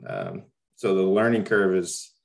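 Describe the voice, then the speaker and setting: A man's voice: low-pitched, wildly swooping pitch, unhurried, vocal fry. A young man from Missouri, a new varsity coach, talking hesitantly with many ums and restarts. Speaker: guest basketball coach. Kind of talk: casual interview talk.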